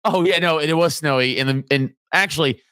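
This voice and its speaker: A man's voice: on the high side, brisk, sharp tone, clear, resonant tone, no room sound, clean studio sound. Crude, laughing podcast co-host man. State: sleepy. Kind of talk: casual chat.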